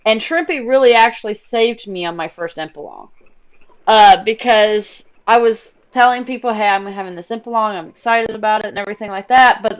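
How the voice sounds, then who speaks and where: A young woman streaming live, chatting excitedly and telling stories while she plays a game. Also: mid-range voice. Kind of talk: casual gaming stream chat.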